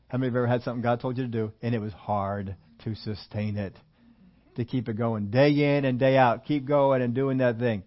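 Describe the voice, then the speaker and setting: A man's voice: medium pitch, brisk, dull audio. An older man preaching a sermon in a church, talking in a folksy, conversational way with many repetitions. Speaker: pastor.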